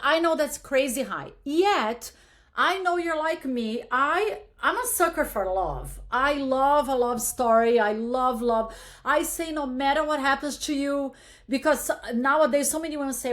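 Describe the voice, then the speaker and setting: A woman's voice: high voice, a little slow, fairly bright tone. A woman hosting an interview podcast in casual chat, talking candidly and emphatically with the odd swear word. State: widowed. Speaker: podcast host.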